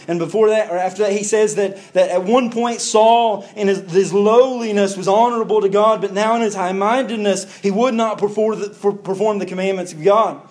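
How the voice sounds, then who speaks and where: A man's voice: fairly high pitch, a little mellow. A man preaching a sermon who reads scripture aloud, acts out the speakers in the verses, and breaks in with plain commentary. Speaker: pastor. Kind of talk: sermon reading and explaining scripture.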